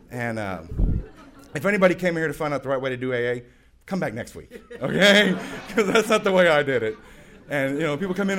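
A man's voice: a little high, fairly quick. Man rambling through a wry recovery story. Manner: rambling, self-mocking, bursts into loud excited quotes. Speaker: recovery meeting speaker. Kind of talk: personal testimony with humor.

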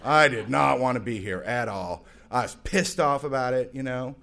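A man in his forties telling his recovery story to a meeting with self-mocking humor, rambling along and bursting into loud, excited quotes. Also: medium pitch, normal speed, gravelly. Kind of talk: personal testimony with humor.

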